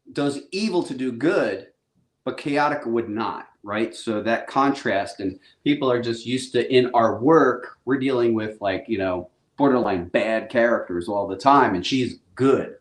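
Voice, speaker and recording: Laid-back, excitable middle-aged man. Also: mid-range voice, low-quality recording. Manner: enthusiastic, laid-back, slangy. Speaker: comic book publisher hosting a live stream. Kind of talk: casual live-stream chat.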